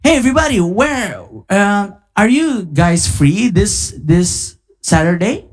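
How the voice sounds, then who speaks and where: A woman hosting a bilingual English lesson in a playful, animated way. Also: mid-range voice, slow pace. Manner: animated, code-switching, playful. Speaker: event host.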